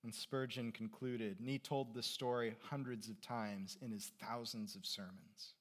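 Male pastor mid-sermon, mid-pitched, relaxed asides to the congregation. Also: a little slow, few pauses.

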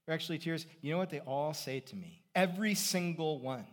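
This middle-aged man's sermon is conversational and a little fast, delivered as pastor in a higher-leaning voice. He moves back and forth between forceful emphasis and calm, reflective moments.

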